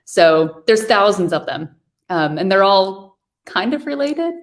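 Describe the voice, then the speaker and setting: A woman's voice: mid-range voice, sing-song, a little slow. A woman from New York hosting a virtual wine tasting over a video call, chatting casually and describing wines with enthusiasm.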